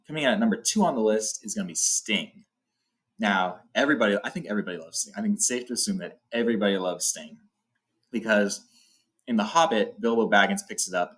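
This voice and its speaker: A man with a low, deep voice talks through a countdown of favorite swords. His delivery is casual and eager, full of restarts and side remarks as he rambles along. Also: fairly bright tone. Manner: enthusiastic, rambling, says awesome often. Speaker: book channel host. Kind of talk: casual ranking talk.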